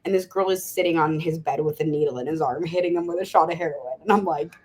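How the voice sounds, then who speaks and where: Husky lady in her 30s, low voice, spills her story w lots of laughs. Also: fast talker. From Las Vegas, USA. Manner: laughing often through a frank, animated story. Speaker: guest. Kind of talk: candid storytelling interview.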